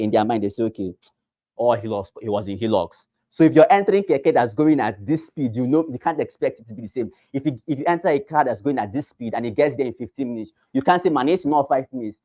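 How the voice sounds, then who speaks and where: Nigerian male trainer, mellow dark tone, dry close sound, drills points by repeating them. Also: medium pitch, expressive, fast talker, few pauses, dry recording. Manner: repeats phrases and asks the class rhetorical questions. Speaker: real estate trainer. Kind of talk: teaching a class.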